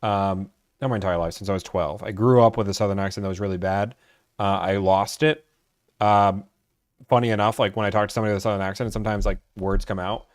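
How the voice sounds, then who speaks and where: A man's voice: on the low side, steady tone, fast, no room sound, studio quality. A young man from Georgia chatting casually on a live stream about buying cars, rambling and filling his talk with "like.". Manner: rambling, full of "like" fillers.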